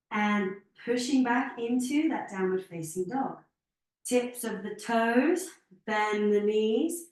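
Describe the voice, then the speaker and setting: A woman guides a Pilates class at an unhurried pace, calling out counts and quick encouragement while slightly out of breath. Her voice sits a bit high. She is heard from a distance in a strongly echoing room. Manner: counts reps aloud with short encouraging cues. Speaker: Pilates instructor. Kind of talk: guided workout instruction. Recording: very echoey room, speaker away from mic.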